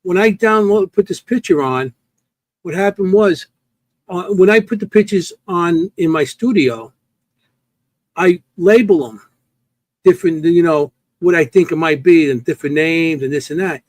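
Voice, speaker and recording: A man in casual chat, rambling and halting as he explains something. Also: sits high, a little mellow, dry recording. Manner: rambling, halting, with many restarts.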